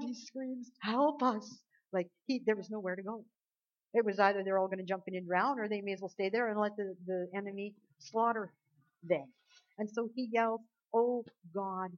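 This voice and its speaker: A woman preaching a sermon with animated delivery, rising to loud emphasis and dropping to near quiet. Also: on the low side, slightly rough. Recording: dull lo-fi recording.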